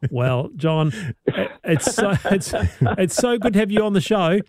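Mellow-voiced male radio host. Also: sits high, a little slow, dry recording. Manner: lively, laughing, repeats words. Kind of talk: radio talk show hosting.

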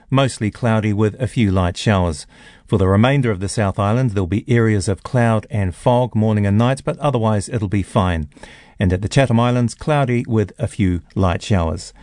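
A man with a New Zealand accent reading a radio weather forecast in a measured, formal way. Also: on the low side, a little mellow, no room sound, studio quality. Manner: measured, formal bulletin delivery. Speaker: newsreader.

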